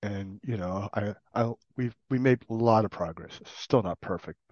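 A middle-aged man sharing his personal recovery story in an earnest, reflective way, in short halting phrases. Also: lowish voice, darkish tone, dry recording. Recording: dull, dry recording.

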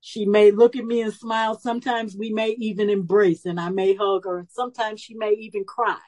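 A woman of about seventy from the Chicago area shares her personal story at a recovery meeting, lively and animated, acting out the voices of people she quotes. Her voice is medium-pitched and a little fast, and the audio is poor.

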